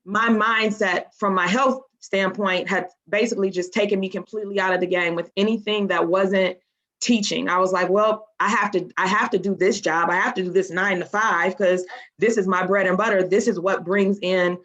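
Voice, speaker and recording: A woman's voice: mid-range voice, steady tone, normal speed, fairly bright tone. A woman team member sharing a personal testimony on a group call, earnest and close to tears. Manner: earnest, emotional. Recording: dull lo-fi sound.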